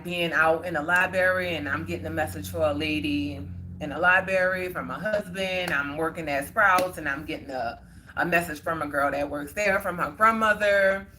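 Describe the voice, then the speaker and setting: A woman's voice: fairly low pitch, pushed and bright. A woman hosting a live stream, telling a personal story in a casual, earnest, conversational way with plenty of fillers. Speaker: livestream host.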